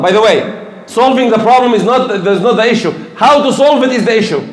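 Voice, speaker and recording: Older male preacher, high-pitched, emphatic and repetitive, roomy echo. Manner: earnest, repetitive, emphatic, with slips. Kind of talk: sermon. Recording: echoey room.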